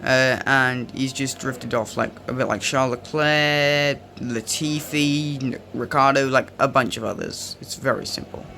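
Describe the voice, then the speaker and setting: A man's voice: mid-range voice, unhurried, gravelly, hardly any pauses, pushed and bright, slight background noise. A young man giving casual, rambling commentary over racing game footage, often drifting off on tangents. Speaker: gaming video creator.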